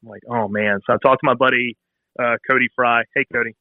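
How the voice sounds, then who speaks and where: A man in his thirties telling a long, animated story about a bike build in a casual interview, acting out phone calls in quoted voices. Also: medium pitch, quick pace, no echo. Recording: tinny phone-like sound.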